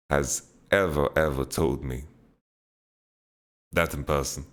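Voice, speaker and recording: A man's voice: very deep voice, steady tone, slow pace, long pauses. A man hosting a casual Q&A podcast, answering viewer questions bluntly and laughing them off. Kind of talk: casual chat, Q&A.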